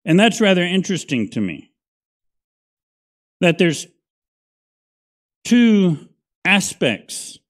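A middle-aged pastor leads a Bible study, talking it through like a conversation with his congregation. His voice sits a little higher than most men's, and he keeps checking in with a quick "right?" as he goes. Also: very animated. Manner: conversational, folksy, asks "right?" often.

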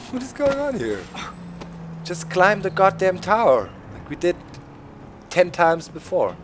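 A man's voice: sits high, wildly swooping pitch, unhurried, noisy background. A man whose first language is German, commentating his gameplay live and swearing in frustrated outbursts at the game. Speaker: gaming video host.

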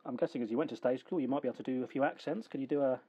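Fast husky male radio host. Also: medium pitch, mellow, dull audio. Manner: quick, affable, hesitant with fillers. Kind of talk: radio interview. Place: radio studio.

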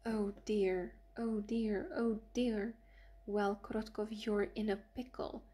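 A woman's voice: mid-range voice, level tone, slow, warm tone, slightly rough. A woman voicing a timid, flustered male chief clerk who mutters to himself. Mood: fretful.

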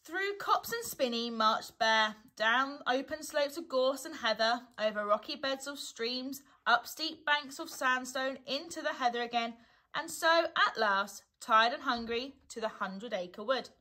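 A woman, a primary school teacher, reading a children's storybook aloud in a gentle, unhurried way. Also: sits high, lively intonation.

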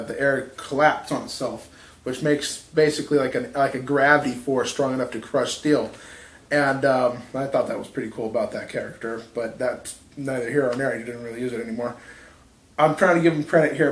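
A man's voice: mid-range voice, reverberant. A man casually telling a made-up fight story, rambling and profane, laughing at his own jokes. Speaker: podcast co-host.

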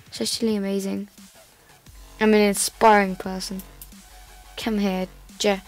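A woman's voice: medium pitch, flat delivery, measured pace. A woman giving casual, playful gameplay commentary, chatty and self-mocking as she plays. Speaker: gamer. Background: faint background music.

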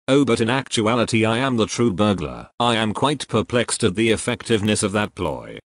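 A man's voice: fairly low pitch, very animated, a little fast, few pauses, dry recording. A man dubbing short comedy sketches, speaking every line in a stiff, overly wordy, formal way. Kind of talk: comedic dub of cartoon sketches.

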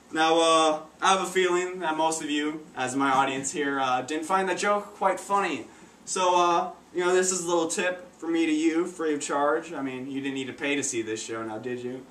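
Awkward teen stand-up, far from the mic. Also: male voice, on the high side, fairly quick, a bit bright. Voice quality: stumbling, awkward, many restarts. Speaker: stand-up comedian. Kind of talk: amateur stand-up comedy. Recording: roomy, distant, faint noise.

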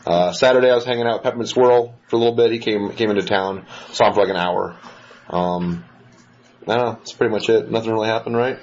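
A man's voice: fairly low pitch, steady tone, quick pace. A man co-hosting a podcast, telling a rambling, profane story in casual chat. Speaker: podcast co-host. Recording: muffled lo-fi recording with faint hiss.

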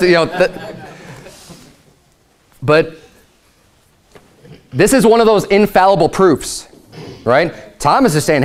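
A male pastor preaching a conversational sermon, emphatic and explanatory, slowing down to read scripture. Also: high voice, expressive.

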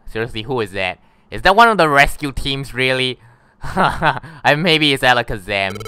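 A man's voice: medium pitch, animated, normal speed, pushed and bright, clear, resonant tone, dry recording. A man giving casual let's-play commentary, exasperated and swearing mildly at the game. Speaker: gamer.

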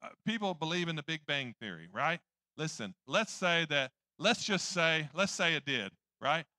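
A male pastor preaching a sermon, telling a personal story in an animated, jokey way and acting out what people said. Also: fairly high pitch, normal speed, dry recording, clean studio sound. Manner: animated, jokey storyteller acting out his own past lines.

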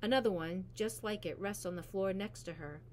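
A woman reading a novel aloud in a steady, even narration. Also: mid-range voice, normal speed, a little hiss or hum. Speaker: reader. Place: school library.

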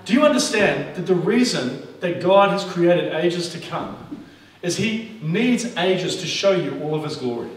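Excitable male preacher, high and bright, booming around a big reverberant church. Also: a little slow. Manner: energetic, exclamatory preaching with frequent laughter. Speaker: pastor. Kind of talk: sermon. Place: large church auditorium. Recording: very echoey hall, mic at a distance.

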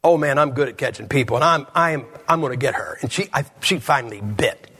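A man's voice: medium pitch, fast, sharp tone, husky. A man preaching a humorous sermon at a church service, telling stories in a blunt, joking way.

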